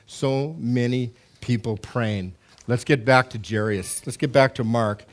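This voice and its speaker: A middle-aged man preaching a sermon as pastor, animated and emphatic, with repetitions and restarts. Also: mid-range voice, normal speed.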